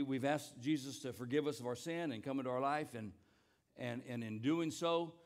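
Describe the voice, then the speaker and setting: A man preaching a sermon as pastor, emphatic, often repeating words and urging the congregation to join in. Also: on the high side. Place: church service.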